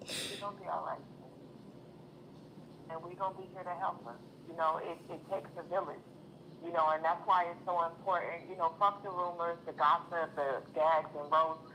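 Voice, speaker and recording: A woman's voice: on the low side, steady tone, normal speed, bright, forceful tone, a little hiss or hum, poor audio. A woman calling in to a casual chat show, speaking earnestly and at length in an encouraging way. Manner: long-winded, earnest, encouraging. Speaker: caller.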